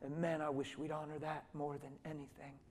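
A middle-aged man preaching a sermon through stories, dropping to hushed tones and then rising to loud, emphatic lines. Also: a little high, level tone, a little fast, slight background noise. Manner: storytelling, swings from soft and hushed to loud and emphatic. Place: church hall. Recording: reverberant hall.

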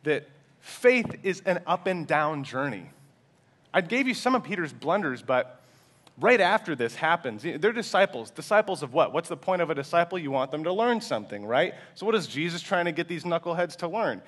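A male pastor giving a sermon in a conversational style, sometimes dropping to a soft, quiet voice. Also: on the high side. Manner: conversational preaching, acts out quoted voices, sometimes drops to a hush.

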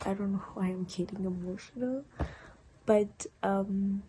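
A tired woman, a vlogger from South Africa, signing off her vlog late at night in a gentle, earnest voice that often drops to a whisper. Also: medium pitch, a little slow, slight background noise, low-quality recording. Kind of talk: soft-spoken vlog outro.

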